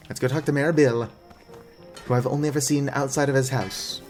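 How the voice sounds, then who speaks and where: A man's voice: mid-range voice, moderate pace, faint music behind. A man giving casual let's-play commentary with wry, self-mocking asides as he reads game text aloud. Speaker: gaming video creator.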